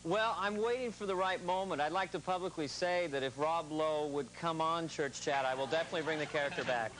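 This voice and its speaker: A man's voice: a little high, a little fast. A man who is a comedy cast member, answering questions casually as a talk show guest and joking around. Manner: jokey, drops into impressions. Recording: noisy TV studio audio with loud audience. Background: studio audience.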